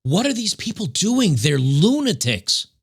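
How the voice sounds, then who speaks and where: A man's voice: sits high, very animated, unhurried, gravelly, husky, soft background music. A man hosting a reaction commentary show, talking in a sarcastic, mocking way. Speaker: commentary host.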